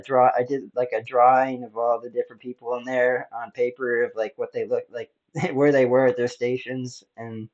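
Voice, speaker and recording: A man's voice: medium pitch, a little mellow, lo-fi sound. A man hosting a podcast, telling a story casually in a rambling way, full of fillers and laughs. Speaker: podcast host.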